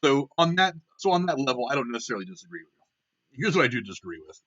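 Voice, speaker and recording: A man's voice: mid-range voice, big pitch swings, rapid-fire, a bit bright, dull audio. A young man hosting his own show, ranting bluntly with heavy swearing and frequent restarts. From Ohio. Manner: blunt, profane, heated. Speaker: political commentary host. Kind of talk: casual opinion rant.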